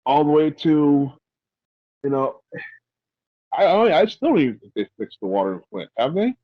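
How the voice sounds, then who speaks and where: A man hosting a podcast, chatting casually in a rambling, halting way with many restarts. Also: a little high, very animated, no room sound, lo-fi sound. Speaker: podcast host. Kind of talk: casual opinionated chat.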